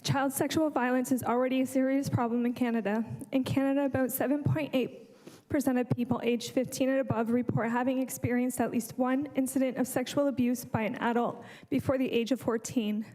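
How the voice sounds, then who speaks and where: A woman with a high voice reads a prepared statement at a council lectern. She sounds earnest and pauses to correct herself. Her voice carries the long reverb of a large chamber. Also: fairly even intonation, warm tone. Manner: earnest, apologizes and corrects herself mid-sentence. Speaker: public delegate.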